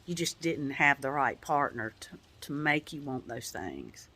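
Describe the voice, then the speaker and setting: A woman's voice: rumbling low, sing-song, unhurried, pushed and bright, slightly rough. A woman giving a casual personal update as a vlogger, talking in a rambling, heartfelt way with many "you know" fillers. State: tearing up at times.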